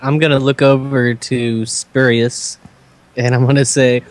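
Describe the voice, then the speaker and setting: A man's voice: medium pitch, little pitch movement, measured pace. A man playing a tabletop game, declaring his character's actions amid frequent laughter. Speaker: player. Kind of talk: tabletop play.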